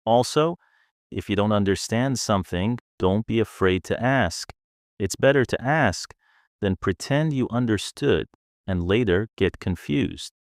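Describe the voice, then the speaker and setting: A man giving a scripted English speaking lesson, calm and explanatory as he offers tips. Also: on the low side, unhurried, no echo, studio quality.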